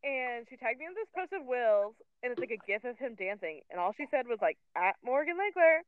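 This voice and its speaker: A woman's voice: on the high side, sing-song, fairly quick, no echo. A young woman in her twenties co-hosting a casual chat podcast, gushing and giggly, with lots of "like". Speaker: podcast co-host. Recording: tinny phone-like line.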